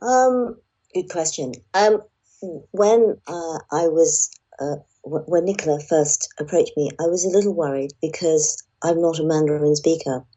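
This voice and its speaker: A woman's voice: low-pitched, unhurried, warm tone, muffled recording. A woman, an audiobook narrator, answering questions hesitantly with many fillers. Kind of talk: casual discussion.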